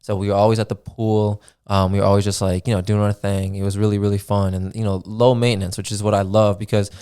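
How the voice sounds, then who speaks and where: A young man hosting his own podcast, telling a travel story in a relaxed, casual way, full of fillers and swearing. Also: fairly low pitch, fast, clear, resonant tone. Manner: laid-back, swears freely, many fillers like "dude" and "man". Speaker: podcast host.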